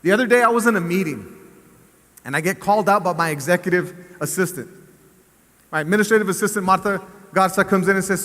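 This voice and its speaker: A man's voice: sits high, quick pace. A man, a school superintendent telling a story in a speech to a staff assembly in a large hall. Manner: animated, story-driven public speaker. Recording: reverberant hall, amplified through speakers.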